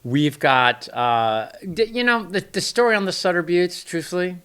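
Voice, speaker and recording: A man's voice: sits high, expressive, normal speed, fairly bright tone, clear, resonant tone. A middle-aged man from Northern California giving a rambling, enthusiastic weather forecast from home. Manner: rambling, chatty, enthusiastic asides. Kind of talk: casual forecast chat.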